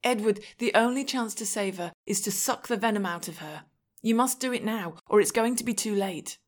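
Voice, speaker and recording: A woman's voice: mid-range voice, moderate pace, close to an everyday voice. A woman reading as an urgent, commanding doctor. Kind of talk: scripted audiobook reading.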